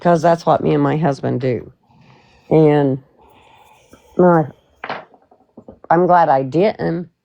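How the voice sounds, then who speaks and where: A woman hosting a live stream, soft-spoken and near tears as she thanks a caller. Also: deep voice, fairly even intonation, slow pace, creaky, pauses often, slight background noise. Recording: dull lo-fi sound.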